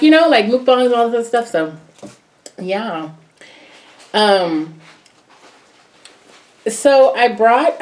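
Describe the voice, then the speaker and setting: A young woman hosting a casual chat while eating, bubbly and quick to laugh. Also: lowish voice. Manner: bubbly, laughs often, talks through bites. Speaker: vlogger host.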